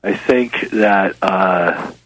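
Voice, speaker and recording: A man's voice: deep voice, extremely slow, fairly bright tone, poor audio. A man being interviewed as a guest filmmaker, musing and hesitant, with many fillers. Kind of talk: interview conversation.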